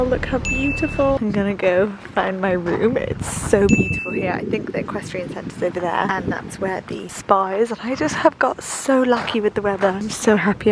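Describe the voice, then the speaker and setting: A woman, chatting excitedly to camera in a casual vlog outdoors in the countryside. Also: on the high side. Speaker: vlogger. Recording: noisy outdoor phone recording.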